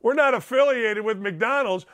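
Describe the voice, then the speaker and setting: A man's voice: extremely high pitch, normal speed, a bit bright. A middle-aged man hosting a sports talk show from home, ranting in an emphatic, sarcastic and digressive way. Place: home studio.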